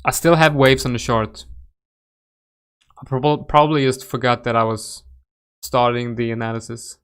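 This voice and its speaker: A young man with a Swedish accent, hosting a live crypto chart session in a loose, chatty way. His voice is smooth and clear at a middle pitch. He restarts sentences often and throws in plenty of fillers as he reacts to viewers. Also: flat delivery, moderate pace, fairly bright tone. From Sweden. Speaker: crypto trading livestream host. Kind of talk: casual live chart analysis.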